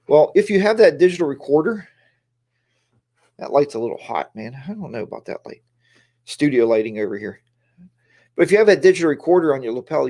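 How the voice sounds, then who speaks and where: A man's voice: medium pitch, darkish tone. Chatty rambling man hosting a livestream. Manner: rambling, chatty, greets viewers by name. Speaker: livestream host. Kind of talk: casual livestream chat. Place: home studio. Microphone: lapel mic.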